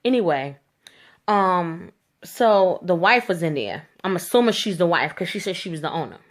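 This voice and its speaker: Woman, low-ish voice, animated storytime rant, blunt, slangy, swearing. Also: moderate pace. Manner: slangy informal speech. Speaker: vlogger.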